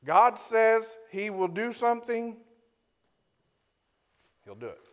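A man with a somewhat high-pitched voice preaching a sermon to his congregation. He explains the meaning of old words and keeps checking in with the room by asking "right?". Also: expressive, slow, fairly bright tone, clear, resonant tone. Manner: teaching, often ends points with a rhetorical "right?"; reads Scripture aloud and defines Hebrew and Greek words. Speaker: pastor. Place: church before a congregation.

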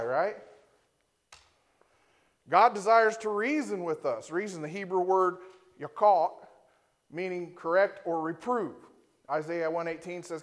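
A man's voice: sits high, measured pace, long pauses. A male pastor preaching to a congregation in a church, reading Scripture aloud, explaining Hebrew and Greek words and often ending his points with a rhetorical "right?". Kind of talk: sermon.

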